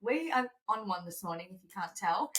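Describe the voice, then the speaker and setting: A woman's voice: medium pitch, animated, brisk, fairly bright tone. A woman co-hosting a podcast in casual chat, bubbly and laughing as she tells stories. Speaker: podcast co-host.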